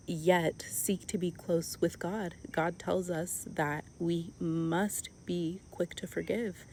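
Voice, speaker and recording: A young woman speaking earnestly and softly in a casual devotional talk, full of "like" fillers. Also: fairly low pitch, gravelly, a little hiss or hum. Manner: earnest, softly spoken, with many "like" fillers and restarts. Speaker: Christian vlogger.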